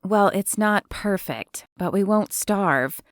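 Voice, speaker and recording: A woman's voice: mid-range voice, expressive, takes it slowly, no echo, studio quality. A woman narrator voicing a sweet, easily flustered young woman in an audiobook. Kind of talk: audiobook character voice.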